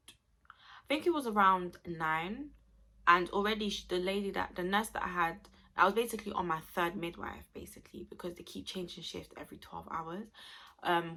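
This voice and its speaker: A woman's voice: fairly low pitch, sharp tone. A young woman, chatting expressively to camera as she tells a personal story to her viewers. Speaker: vlogger.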